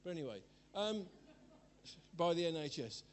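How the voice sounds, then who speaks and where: A high-pitched older man preaches a sermon. He wanders into personal stories and chuckles at his own jokes. His delivery is chatty rather than formal. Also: big pitch swings, normal speed, slight background noise. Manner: chatty, rambling storyteller who laughs at himself.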